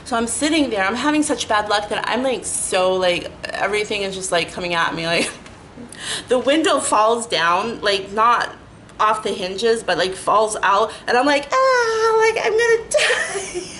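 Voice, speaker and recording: A woman's voice: medium pitch, measured pace, a little hiss or hum, rough recording. Chatty woman telling a rambling storytime. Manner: rambling, animated, full of "like" and restarts. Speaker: storytelling vlogger. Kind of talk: casual storytime vlog.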